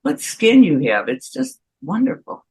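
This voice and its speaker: A woman's voice: fairly high pitch, huge pitch swings, measured pace, darkish tone, husky, rough recording. A woman hosting an interview, chatty and given to philosophical asides and compliments. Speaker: interview host. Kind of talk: casual chat over a remote call.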